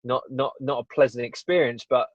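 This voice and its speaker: An Englishman, appearing as a podcast guest in a casual interview, delivers a personal story briskly in a mid-range voice. He is earnest and rambling, dropping "you know" and "right?" often. The sound is dull and dry, with no echo.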